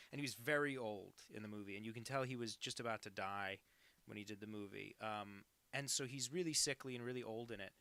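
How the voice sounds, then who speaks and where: A man's voice: medium pitch, sharp tone, no echo. A cartoonist talking casually on a live stream, rambling and joking as he reads out chat messages.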